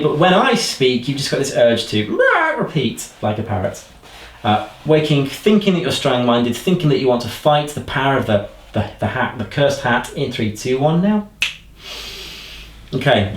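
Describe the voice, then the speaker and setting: Male hypnotist, playful, counts down slowly; mid pitch, roomy sound. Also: animated. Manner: playful, slow commanding countdowns. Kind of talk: hypnotic suggestions. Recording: roomy echo.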